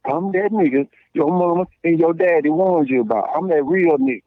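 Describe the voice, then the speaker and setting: A man in his late thirties from Memphis, Tennessee, with a Southern accent, a podcast guest telling stories in a blunt, slangy, animated way with lots of restarts. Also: on the high side, fairly quick, no echo. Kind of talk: casual call-in conversation. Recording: tinny dry phone line.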